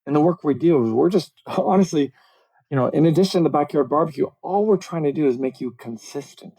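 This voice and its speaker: Gravelly-voiced man explaining with energy. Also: a little high, fairly quick, poor audio. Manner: animated, explanatory, self-deprecating. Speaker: communications coach, podcast guest. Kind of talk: conversational podcast interview. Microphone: video call.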